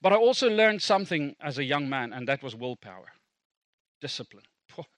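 A man's voice: a little high, sing-song, fairly quick, a bit bright, no room sound. A middle-aged South African man, a native Afrikaans speaker, preaching a sermon as a pastor in a conversational, self-deprecating way with asides to the congregation.

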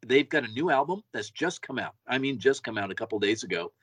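A man's voice: mid-range voice, expressive, fast, a bit bright, husky, no room sound. A man co-hosting a podcast, chatting casually and enthusiastically, often repeating words as he goes. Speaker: podcast co-host. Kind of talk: casual chat.

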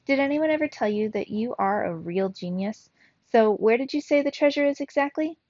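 A woman voicing a boastful, greedy grown male mouse cousin in a storybook read-aloud, grumpy and loud at times, sweet and wheedling at others. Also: a little high, animated, a little fast, dry recording. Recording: slightly dull lo-fi recording.

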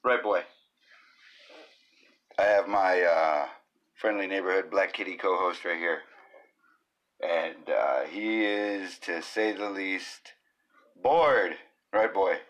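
Low-voiced man rambling on his podcast. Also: takes it slowly, long pauses, fairly bright tone. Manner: rambling, jokey, jumps between silly voices and asides. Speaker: podcast host. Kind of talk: unscripted rambling solo podcast.

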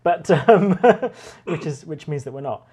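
A young woman in casual chat over a video call, jokey, with quick asides. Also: low-pitched, lively intonation, dark tone, slightly rough. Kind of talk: casual chat, interviewing a friend.

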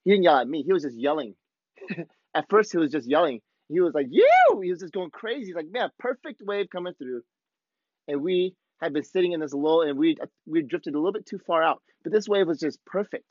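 A male podcast host telling a surf story in excited, laid-back surfer talk. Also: on the high side, fairly quick, no room sound, lo-fi sound. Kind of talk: casual storytelling monologue.

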